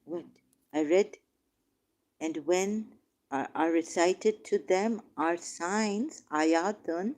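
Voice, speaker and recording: A woman's voice: on the low side, slow, pauses often, warm tone. A woman in a heated religious debate who reads verses aloud and insistently corrects the other speaker. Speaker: debate participant.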